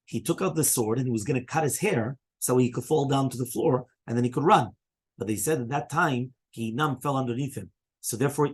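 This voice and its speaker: Guy rabbi going quick through the talmud page, husky voice, reads the hebrew then explains. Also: mid-range voice. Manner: quick explanations mixing in Hebrew and Aramaic quotes. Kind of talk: casual Talmud class.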